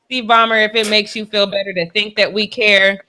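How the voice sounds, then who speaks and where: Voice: medium pitch, little pitch movement, fairly quick, bright, forceful tone, a little hiss or hum. A sports talk co-host with a teasing, playful way of talking.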